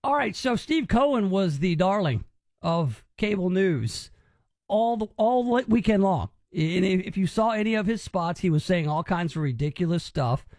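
Man, radio host, sarcastic, high voice, very lively swings in pitch, dry close sound. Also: moderate pace, dry recording. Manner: sarcastic, incredulous, mocking. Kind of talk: talk radio commentary on news clips.

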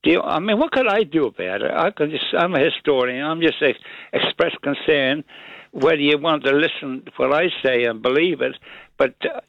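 A man's voice: on the high side, expressive, brisk, gravelly, dry recording. A man calling in to a talkback radio show, talking in a hesitant, rambling way with many restarts. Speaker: caller. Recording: muffled phone line.

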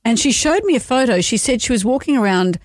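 A woman's voice: on the high side, expressive, fast talker, no echo, studio quality. A woman co-hosting a radio show, telling stories in casual banter and laughing often. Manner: chatty storyteller, laughs often. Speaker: radio co-host.

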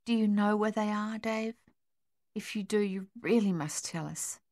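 A woman voicing a worried mother who pleads with her son in a hushed voice. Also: medium pitch, measured pace, no echo, studio quality, pitched above the performer's own voice, natural voice. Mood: pleading.

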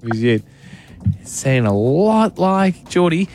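Australian male radio host, slightly high voice, teasing, casual chat, faint music behind. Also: big pitch swings, slow pace, darkish tone. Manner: playful, teasing callers, laughs easily.

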